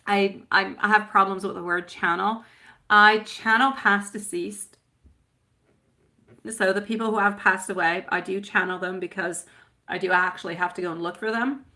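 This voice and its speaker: A woman's voice: medium pitch, steady tone, normal speed, sharp tone. A woman reading tarot on a live stream, chatting with viewers and calling them sweetie and my love. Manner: chatty, rambling with fillers. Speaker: tarot reader.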